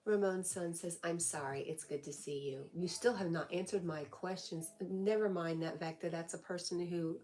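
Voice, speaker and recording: Low-voiced woman chatting with her live audience. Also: steady tone, normal speed, hardly any pauses, a little mellow. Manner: reads viewer comments aloud and answers chattily. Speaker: livestream host. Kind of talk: casual live chat.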